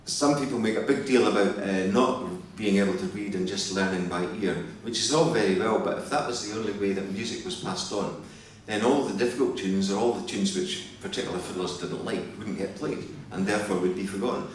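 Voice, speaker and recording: A Scottish man, a fiddler, giving reflective, measured answers as a guest in a live interview in a hotel hall. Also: fairly low pitch. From Scotland. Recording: very echoey hall from far off, faint hum.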